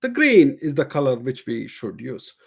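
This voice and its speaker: A man with a medium-pitched, gravelly voice and a breathy edge speaks at normal speed with huge pitch swings. As a sales and communication coach in a live-streamed teaching session, he explains and demonstrates ways of speaking, often repeating his main points.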